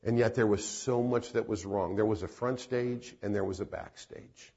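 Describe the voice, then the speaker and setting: A man's voice: lowish voice, steady tone, normal speed, dark tone, breathy edge, lo-fi sound. A man preaching a sermon as a pastor, telling a story in an earnest way and repeating phrases for emphasis.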